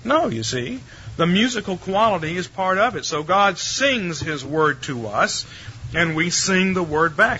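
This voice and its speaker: A man's voice: high voice, very animated, measured pace, bright, forceful tone, lo-fi sound, a little hiss or hum. An older man giving a theology lecture to a live audience in a wry, conversational way, putting rhetorical questions to his listeners.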